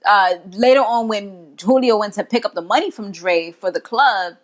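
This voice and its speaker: A woman's voice: medium pitch, moderate pace. A young woman giving a casual, slangy recap of a TV episode, chatting and laughing as she goes. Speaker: TV show reviewer.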